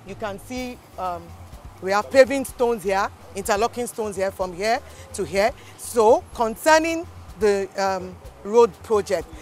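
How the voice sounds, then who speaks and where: A woman, a community official, giving a measured on-site report on project progress with some hesitation. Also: mid-range voice, lively intonation, a little mellow, slight background noise.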